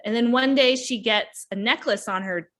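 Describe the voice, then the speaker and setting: A young woman hosting a casual book-review podcast, animated and quick to act out characters' lines. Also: on the high side. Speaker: podcast host reviewing books. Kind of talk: casual chat.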